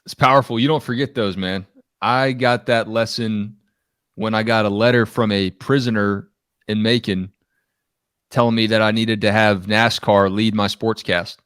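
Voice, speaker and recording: A man's voice: lowish voice, fairly even intonation, moderate pace, fairly bright tone, clean tone, no room sound, studio quality. A man hosting an interview, chatting in a laid-back way with short remarks. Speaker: host. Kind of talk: casual chat.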